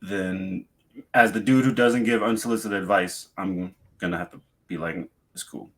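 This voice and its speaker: A man's voice: on the low side, moderate pace. A man co-hosting a podcast, talking in a laid-back way and reasoning through a question aloud. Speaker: podcast co-host. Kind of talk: casual chat.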